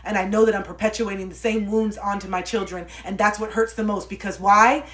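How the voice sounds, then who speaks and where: Woman, thirties, livestream life coach, preachy monologue, curses freely, mid-pitched voice. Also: fairly even intonation, a little fast. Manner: preachy, swears often, switches between loud outbursts and low murmurs.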